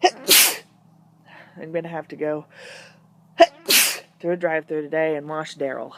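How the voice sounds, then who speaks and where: Woman vlogging, slow easy chat, kinda low voice, coos at her dogs. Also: steady tone, a bit bright. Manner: chatty, baby-talks to her dogs. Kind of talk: casual vlog chat. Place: at home, then in her car.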